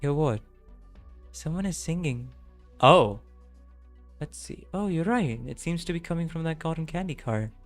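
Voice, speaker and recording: Excitable man streaming a game. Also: fairly high pitch, normal speed, long pauses, faint music behind. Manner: excitable, rambling reactions with restarts. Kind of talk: reading game dialogue aloud and reacting.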